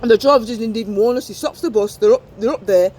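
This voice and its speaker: A woman's voice: a little high, fast, a little mellow, slight background noise. A woman performing a wry spoken-word story, slipping into rhymes as she narrates.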